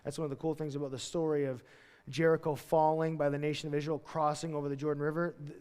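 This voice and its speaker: A man preaching a sermon as a pastor, telling Bible stories in a lively, casual way and acting out the characters. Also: fairly high pitch, quick pace, smooth. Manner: animated storytelling, acts out Bible characters in casual voices. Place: church sanctuary. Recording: long church reverb.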